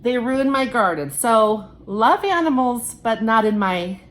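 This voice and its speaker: Mom talking to her vlog camera, kinda high voice, super chatty, acts out what people said. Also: a little slow. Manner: chatty, animated, quotes people in her stories. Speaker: vlogger. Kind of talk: casual storytelling vlog.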